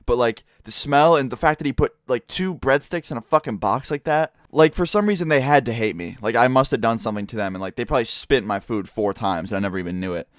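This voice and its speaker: A man's voice: medium pitch, quick pace, hardly any pauses, no echo, studio quality. A teenage boy telling a casual storytime, rambling and profane, full of fillers. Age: teens.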